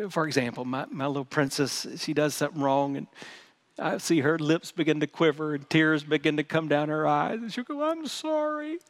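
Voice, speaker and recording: A middle-aged man preaching a sermon as pastor. He speaks earnestly, often repeats his words, and drops to a soft, prayerful tone at times. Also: on the high side.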